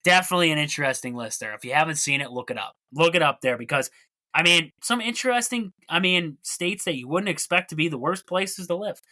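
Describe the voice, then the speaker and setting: A man's voice: on the high side, animated, brisk, bright, forceful tone. A man hosting a solo sports podcast, chatty and jokey, with rambling asides. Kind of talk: casual solo sports talk.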